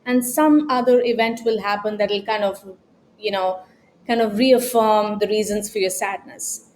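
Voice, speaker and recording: A woman's voice: mid-range voice, normal speed, darkish tone, a little hiss or hum, poor audio. A woman self-help coach talking in a motivational vlog, earnest and asking pointed rhetorical questions.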